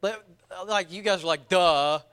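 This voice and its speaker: A man preaches a sermon in a high voice. His tone is bright and ringing. He speaks earnestly, hammering points home with repetition. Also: normal speed. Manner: earnest, emphatic, repeats words when stressing points. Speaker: pastor.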